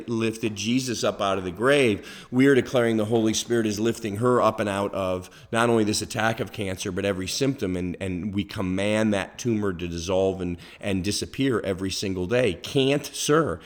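A man preaching a sermon as a pastor, earnest and emphatic, building points through repeated declarations. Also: lowish voice.

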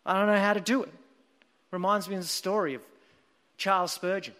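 High-voiced preacher in a reverberant hall. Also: male voice, a little fast, fairly bright tone. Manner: earnest, emphatic storytelling. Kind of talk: sermon.

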